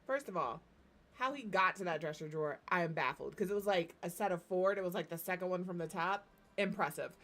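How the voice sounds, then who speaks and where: A woman streaming as she builds in a game, talking in a relaxed, chatty way and giggling through her stories. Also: fairly low pitch, brisk. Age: adult parent. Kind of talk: casual chat while building in a game.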